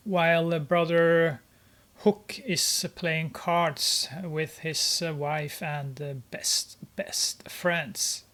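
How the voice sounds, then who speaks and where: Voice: mid-range voice, little pitch movement, very slow, fairly bright tone. A gamer giving commentary on gameplay, narrating with many hesitations and amused exclamations.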